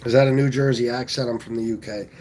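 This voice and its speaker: Pennsylvania guy on a livestream, swears a lot, talks blunt, reads chat out loud, normal pitch, bit of background hiss. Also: fairly even intonation, quick pace. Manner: blunt, profane, reads out viewer comments. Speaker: livestream host.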